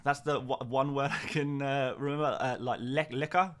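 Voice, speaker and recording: Here the fantasy football streamer, a young man, speaks in a mid-range voice with a steady tone and moderate pace. He casually reads out comments from viewers, poking fun at himself, rambling, and restarting with repeated words.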